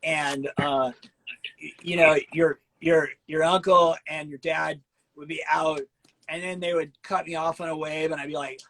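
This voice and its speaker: A middle-aged man hosting a casual interview, telling animated stories, acting out quotes and laughing often. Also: fairly high pitch, measured pace, gravelly, low-quality recording. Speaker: host.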